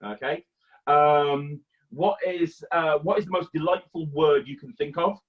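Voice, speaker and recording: A man with a fairly high voice hosts a casual interview, hesitating and laughing between questions. The recording sounds slightly dull, as if the top end has been cut off. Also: fairly even intonation, unhurried. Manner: hesitant, laughs often, friendly. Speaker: interviewer host.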